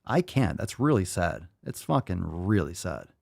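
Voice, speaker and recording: Animated, profane male podcast host. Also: low-pitched, unhurried, creaky, no echo, clean studio sound. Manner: profane, incredulous, repeats phrases for emphasis. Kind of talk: casual ranting commentary.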